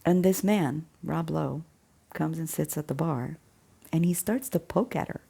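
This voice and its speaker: A woman casually retelling a film plot, an animated storyteller who chuckles and drops into hushed asides. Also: low-pitched, measured pace, creaky, slightly rough. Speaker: faith channel host.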